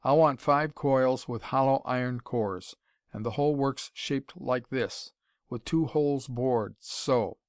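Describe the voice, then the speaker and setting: A man voicing a stolid, unflappable male mechanic who talks calmly and flatly. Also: mid-range voice, slow, no room sound, clean studio sound. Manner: calm, flat, matter-of-fact.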